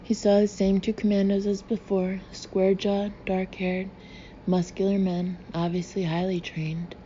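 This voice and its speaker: A woman narrating an audiobook in an even, measured reading. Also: mid-range voice. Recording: slightly dull recording with faint hiss.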